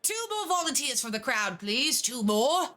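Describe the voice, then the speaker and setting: A woman voicing a male carnival showman who calls out to a crowd in a showy, drawn-out way. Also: sits high, big pitch swings, bright, forceful tone, heavily acted.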